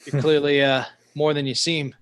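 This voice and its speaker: A man plays a blustering Irish-accented dwarf in a tabletop fantasy game. The voice sits fairly high and sounds rough and gruff. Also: level tone, moderate pace, a bit bright, no echo, clean studio sound, lightly acted. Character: male dwarf warrior, gruff, just revived.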